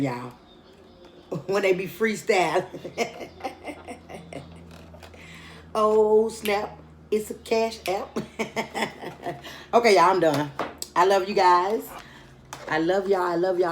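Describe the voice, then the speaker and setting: A woman's voice: on the low side, a little hiss or hum. A tired woman chatting casually to her viewers in a mukbang vlog while she eats. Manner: chatty, laid-back, talks straight to viewers. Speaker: mukbang vlogger.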